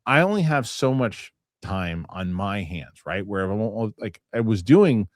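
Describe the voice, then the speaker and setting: A man's voice: fairly low pitch, lively intonation, unhurried, dry recording, studio quality. A middle-aged man hosting a casual chat show, rambling with restarts and acting out other people's lines. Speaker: host.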